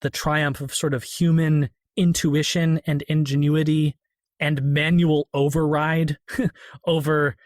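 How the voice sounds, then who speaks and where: Talkative man with a higher voice. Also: takes it slowly, dry recording, studio quality. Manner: animated, quotes film lines in lowered voice. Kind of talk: casual film discussion.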